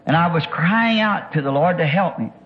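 A man's voice: fairly high pitch, animated, moderate pace. A man preaches a sermon testimony. He speaks earnestly, stumbling over and repeating words as he searches for what to say. The recording is dull and lo-fi, like an old tape.

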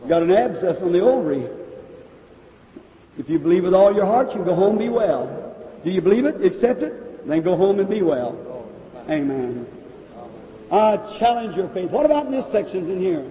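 A man's voice: high-pitched, animated, normal speed, pauses often, a little hiss or hum. A man preaching at a faith healing service, calling out people in the audience one by one, in an old hall recording. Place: large hall. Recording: old echoey hall recording, phone-like sound.

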